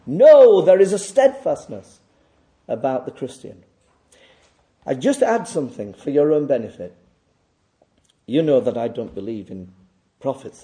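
A man preaching a sermon, swinging between loud emphatic declarations and quieter reflective passages. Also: mid-range voice. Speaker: pastor.

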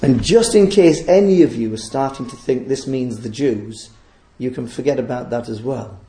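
Emphatic gravelly preacher in an echoey church. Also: male voice, mid-range voice, moderate pace, warm tone. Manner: emphatic, repeats phrases for stress. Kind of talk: sermon.

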